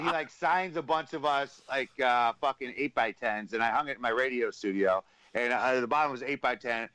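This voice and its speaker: A man's voice: mid-range voice, normal speed, few pauses, pushed and bright. A man hosting a casual radio chat, telling stories crudely and laughing as he goes. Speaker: radio host.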